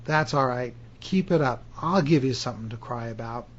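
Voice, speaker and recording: A man's voice: mid-range voice, moderate pace, lo-fi sound, voice pushed down, close to an everyday voice. A man voicing a harsh, threatening stepfather in a spoken example. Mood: menacing.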